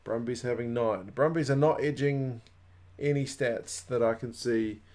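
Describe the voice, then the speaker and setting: A man's voice: mid-range voice, measured pace, darkish tone. A man, hosting a casual rugby watch-along stream and chatting with viewers. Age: 30s. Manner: chatty, reacting to live chat comments. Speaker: livestream host.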